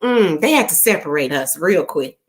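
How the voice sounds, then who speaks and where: A woman hosting an online gathering, telling a story in a chatty, animated way and jumping between asides. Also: low-pitched, moderate pace. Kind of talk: casual storytelling chat.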